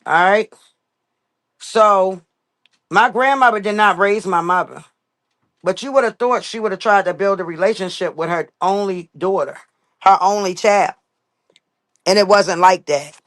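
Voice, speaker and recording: A woman's voice: medium pitch, measured pace, pauses often. A young woman with a Baltimore accent, talking bluntly and emphatically to viewers on a casual live stream.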